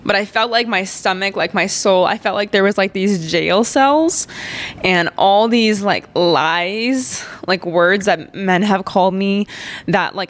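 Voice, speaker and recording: A woman's voice: medium pitch, slow pace. A young woman podcast host, telling a personal story in a chatty way, full of "like". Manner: chatty, heavy on fillers like "like".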